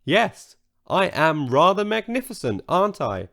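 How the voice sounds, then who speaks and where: A man's voice: a little high, sing-song, unhurried, gravelly, fairly bright tone, voice pushed up, exaggerated voice. A man voicing a vain, haughty talking unicorn. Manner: haughty, sulky, self-admiring. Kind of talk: children's storybook reading.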